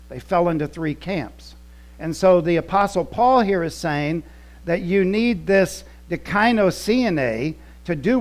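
A male pastor delivering a conversational teaching sermon, repeating words for emphasis. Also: high-pitched.

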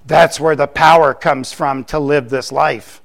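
Man, older, pastor, conversational sermon, joking asides, slightly high pitch. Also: steady tone, a little slow, vocal fry, a bit bright. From Florida, US.

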